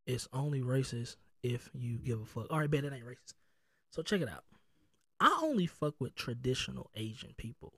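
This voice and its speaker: Joking, profane Southern podcast host. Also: male voice, mid-range voice, big pitch swings, normal speed, a bit bright, breathy edge, dry recording, studio quality. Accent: Southern US (North Carolina). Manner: loose, profane, joking street slang. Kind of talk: casual chat. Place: home.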